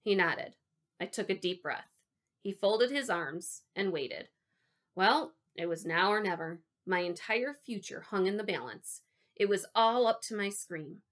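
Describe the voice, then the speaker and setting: A woman reading a children's storybook aloud in first person, wry, dropping to quiet asides. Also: on the low side, moderate pace. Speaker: audiobook narrator.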